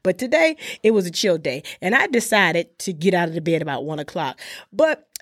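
A woman's voice: fairly low pitch, animated, brisk, no echo. A woman hosting her own podcast in a home studio, talking casually and calling her listeners honey and y'all. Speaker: podcast host. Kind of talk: casual solo podcast talk. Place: garage turned into a home studio.

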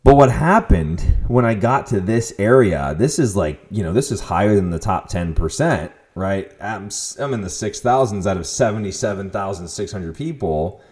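Animated, swearing man telling a story. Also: on the low side, normal speed, few pauses. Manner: animated, profane storytelling with sudden loud outbursts. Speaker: podcast host. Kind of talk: casual monologue.

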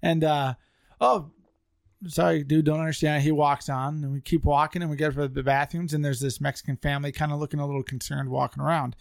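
A man's voice: on the high side, fast, gravelly, hardly any pauses, dry recording, studio quality. A man co-hosting a podcast, telling a funny story in casual chat with friends and laughing as he goes. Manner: animated, laughs while telling stories. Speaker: podcast co-host.

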